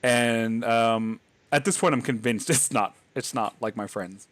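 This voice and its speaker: A man's voice: mid-range voice, measured pace, fairly bright tone, no echo. A man hosting a podcast, telling a scary childhood story in a rambling, casual way, full of fillers and laughs. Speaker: podcast host.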